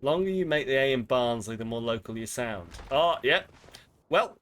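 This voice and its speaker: A man's voice: mid-range voice, expressive, moderate pace, a bit bright. A man chatting casually with viewers while streaming a game, rambling and swearing freely. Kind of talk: casual live-stream chat while gaming. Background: game music.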